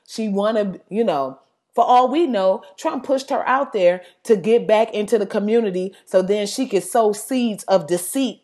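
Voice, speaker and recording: A woman ranting in blunt, sassy, profanity-filled casual talk, with sudden loud outbursts. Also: mid-range voice.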